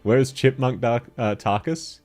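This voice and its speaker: A man with a deep timbre chatting casually and jokily while streaming a game, laughing often. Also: steady tone, unhurried, darkish tone. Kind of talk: casual gaming stream chat.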